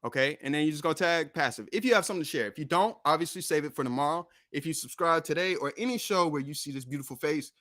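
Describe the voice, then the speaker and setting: A man's voice: mid-range voice, sharp tone. A man hosting a casual music livestream, talking in a loose, rambling way with swearing and frequent self-corrections. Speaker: streaming show host and rapper.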